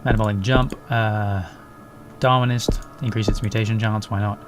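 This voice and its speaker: A man's voice: fairly low pitch, fairly even intonation, moderate pace, background noise. Sweary man narrating his gameplay. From England. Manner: rambling, sweary, self-mocking. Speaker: gaming YouTuber. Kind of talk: casual let's play commentary. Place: home, English countryside.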